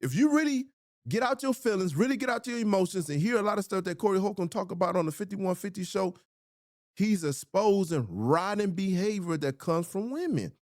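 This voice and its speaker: A male host delivering blunt, provocative reaction commentary, leaning hard on his points. His pitch swings widely as he presses them, and the sound is dry and close with no room around it. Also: lively intonation, brisk, a little mellow, no echo.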